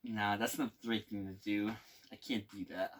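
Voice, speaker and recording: A man's voice: on the low side, fairly even intonation, normal speed. A young man casually telling a boot camp storytime, rambling and laughing often, with casual swearing. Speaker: navy veteran telling stories.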